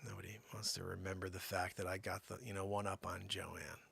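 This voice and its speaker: A man's voice: low-pitched, flat delivery, a little fast, creaky, fairly bright tone, breathy edge. A man hosting a call-in comedy livestream, rambling and teasing an off-screen helper. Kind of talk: joking livestream banter.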